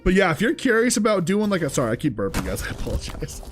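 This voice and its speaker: Young male streamer, lively and expressive, talks to chat, swears casually, music behind. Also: sits high, quick pace. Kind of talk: casual gameplay commentary.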